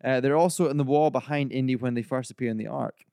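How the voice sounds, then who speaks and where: A man's voice: mid-range voice, fast, gravelly, mellow, clean tone, no room sound, clean studio sound. A man hosting a casual podcast chat, enthusiastically walking his co-hosts through film trivia. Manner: enthusiastic, trivia-led storytelling. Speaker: podcast host.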